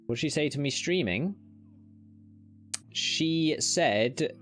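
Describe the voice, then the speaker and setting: A man's voice: fairly high pitch, lively intonation, slow, music in the background. A British man chatting casually with his live-stream audience while gaming, self-mocking and swearing at the game now and then. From United Kingdom.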